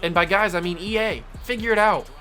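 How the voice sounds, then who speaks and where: Bright, excitable male game commentator. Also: high-pitched, a little fast, soft background music. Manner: excitable, yelling in frustration at the game. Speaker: gaming channel host.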